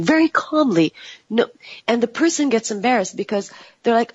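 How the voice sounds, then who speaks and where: Expressive woman on muffled audio. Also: on the high side, fairly quick, slightly rough, no echo. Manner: expressive, intense, with frequent restarts. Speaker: panel co-host. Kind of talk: casual group discussion. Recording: dull lo-fi audio.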